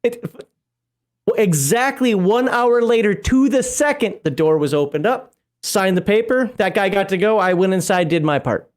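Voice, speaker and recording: A man with a notably high voice, talking casually on a game livestream. He reads rulebook text aloud, then drifts into chatty tangents and laughs often. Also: animated, normal speed. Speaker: co-host of a tabletop game livestream. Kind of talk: casual chat while reading a rulebook aloud.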